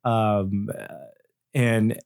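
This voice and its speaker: A man's voice: lowish voice, flat delivery, drawn-out words, darkish tone, clear, resonant tone, no echo, clean studio sound. A middle-aged man, a tech journalist guesting on a podcast, talking thoughtfully and rambling with many restarts. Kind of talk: casual podcast chat.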